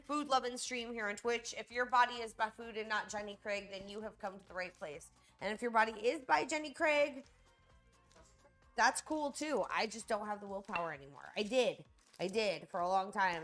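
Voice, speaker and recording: A woman's voice: fairly high pitch, pushed and bright. A woman hosting a casual cooking livestream, chatting straight to her viewers.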